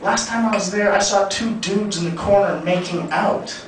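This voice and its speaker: A man performing a crude stand-up comedy set, brash and punchy, with sudden loud bursts. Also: high-pitched, normal speed, slight background noise. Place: comedy club stage. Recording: echoey club sound from a distant mic, crowd laughter. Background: audience laughing.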